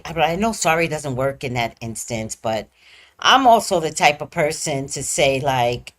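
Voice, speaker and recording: A woman casually telling a personal story on her vlog, laughing often and swinging between squealing highs and hushed lows. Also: lively intonation, normal speed. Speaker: vlogger.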